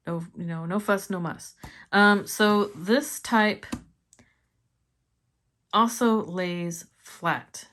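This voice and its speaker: A woman's voice: fairly low pitch, fairly bright tone. A woman with a Missouri accent chatting casually in a planner review vlog, laughing often and sounding enthusiastic. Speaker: planner vlogger.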